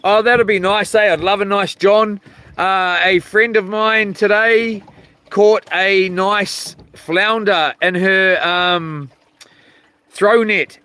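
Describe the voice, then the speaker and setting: A man with a high-pitched, pushed and bright voice, clear and resonant with no echo, hosts a casual fishing livestream by the sea. He's laid-back and rambling, greeting viewers by name and swearing casually along the way.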